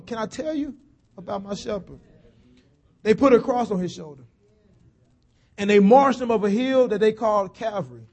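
High-voiced man preaching a sermon. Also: normal speed, pauses often, husky. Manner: rhythmic, repetitive preaching that swells into shouts.

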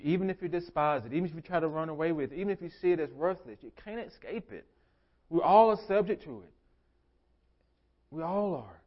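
A man preaching a sermon as pastor, emphatic, repeating his phrases and swinging between soft and loud delivery. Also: mid-range voice, muffled recording.

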